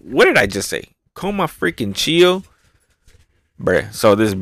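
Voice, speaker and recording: A man hosting a casual, excitable, rambling review show, often repeating words as he talks. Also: mid-range voice, no room sound. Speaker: podcast host reviewing manga. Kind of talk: casual chat.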